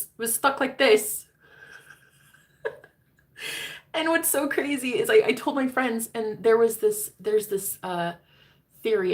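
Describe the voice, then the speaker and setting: A woman in a casual storytime chat with her viewers. She swears freely, calls them girl, and drops into whispers for emphasis. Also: medium pitch. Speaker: love reading content creator.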